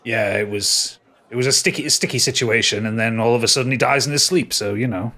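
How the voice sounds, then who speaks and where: A man's voice: mid-range voice, quick pace, pushed and bright. A man narrating as game master for a tabletop game, often restarting his words and swearing casually.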